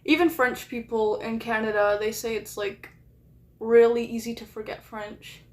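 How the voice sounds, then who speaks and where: A woman chatting on a live stream in a rambling, self-deprecating way, packing her sentences with "like". Her voice sits a little high. The room around her rings with echo. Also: level tone, moderate pace, darkish tone, a little hiss or hum. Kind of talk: casual chat on a live stream.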